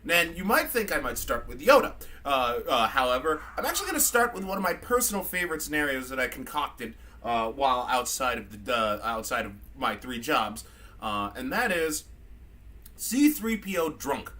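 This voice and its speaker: A man's voice: medium pitch, very animated, moderate pace, sharp tone. A man hosting a casual comedy podcast, rambling with stumbling restarts. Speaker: podcast host.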